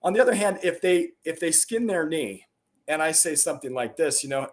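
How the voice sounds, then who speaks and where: A man's voice: fairly high pitch, expressive, fairly quick. Middle-aged guy guesting on a podcast, earnest and punchy, gets fired up in bursts. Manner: earnest and emphatic, with rising bursts of energy. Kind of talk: conversational interview storytelling.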